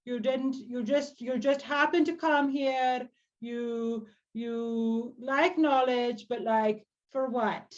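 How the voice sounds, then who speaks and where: A wary old bearfolk herbalist, as a woman puts her on, blunt and a bit hard of hearing. Her voice sits high and pinched as she grills a stranger in her glade. The recording is muffled and lo-fi. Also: steady tone, slow. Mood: suspicious. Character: grizzled old bearfolk woman, hermit herbalist, gruff and suspicious.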